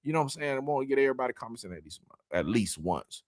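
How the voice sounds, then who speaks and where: Animated man hosting a livestream. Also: mid-range voice, rapid-fire, dry recording, clean studio sound. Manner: lively, laughing, Southern slang like y'all and man. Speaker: live stream host reading comments. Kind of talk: casual sports talk livestream.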